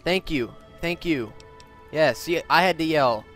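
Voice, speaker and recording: A young man records game commentary into a headset, talking in a bright, forceful voice pitched a little high. He is excitable and swears freely, sometimes breaking into yells. Faint game music runs underneath. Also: measured pace. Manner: excitable, profane, bursts into yelling. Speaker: gaming commentator. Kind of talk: let's play commentary. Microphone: headset mic.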